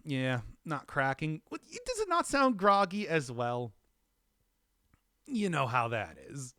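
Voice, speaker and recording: A man's voice: a little high, wildly swooping pitch, slow, pushed and bright, no room sound, studio quality. A man rambling through casual gameplay commentary, laughing often and mocking himself, his voice groggy from not having talked all day. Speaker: streamer.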